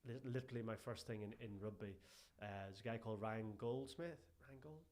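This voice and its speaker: An Irish man, a strength and conditioning coach, telling lively anecdotes as a guest in a casual interview and often calling the host "mate". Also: on the low side, a little fast. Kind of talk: casual podcast interview chat.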